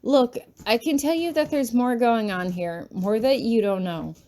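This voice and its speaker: A woman's voice: on the high side, unhurried, warm tone, lightly acted. A woman voicing an earnest, anxious young female student who speaks urgently in an audiobook reading. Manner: urgent, pleading.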